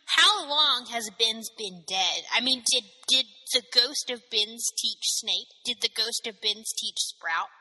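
A woman co-hosting a podcast who chats casually, jokes and poses rhetorical questions. Her voice is very bright and sharp, and somewhat high. A long reverb hangs on her words. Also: lively intonation, takes it slowly, hardly any pauses. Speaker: podcast co-host. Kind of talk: casual chat.

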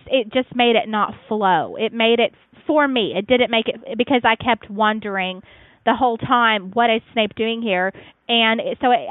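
A woman's voice: a little high, no echo. Woman, casual podcast chat, rambling with fillers, dry phone-quality line. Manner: chatty, rambling, frequent fillers and restarts. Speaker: podcast co-host reviewing fan fiction.

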